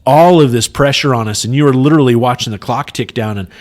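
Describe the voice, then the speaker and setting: A man's voice: medium pitch, fast talker. A man co-hosting a podcast, telling a long story in casual chat and acting out the other people's lines in quotes. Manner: animated, retells scenes in quoted dialogue, many "you know" fillers. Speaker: podcast co-host.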